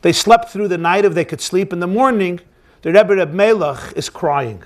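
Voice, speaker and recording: A rabbi telling a story in the manner of a sermon. His high-pitched voice is lively and animated, and he builds the scene with energy. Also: moderate pace.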